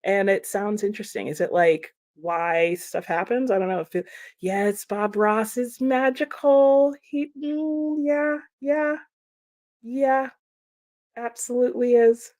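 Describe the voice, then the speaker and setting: Reading her viewers' comments with frequent laughter, a young American woman hosts a relaxed livestream. She speaks slowly in a voice on the high side with a darkish tone, captured cleanly at studio quality with no echo.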